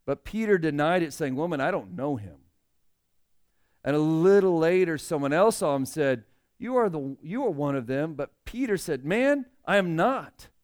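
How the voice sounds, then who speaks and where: A man's voice: fairly high pitch, animated, moderate pace. Earnest young man preaching a sermon. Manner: conversational, earnest, swells loud on emotional points. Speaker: pastor.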